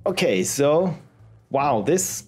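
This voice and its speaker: A man talks through indie games as he plays them, reading menus and tips aloud in a chatty, animated way. His voice is somewhat husky and moves a lot in pitch. Faint game music plays behind him. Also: slow. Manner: chatty, reads on-screen text aloud, animated. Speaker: let's play host. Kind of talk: casual game commentary.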